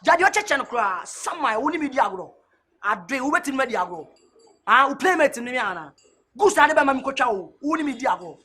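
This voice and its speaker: A man acting in a comedy drama scene, shouting in a loud, excited way. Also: extremely high pitch, a little fast, breathy edge.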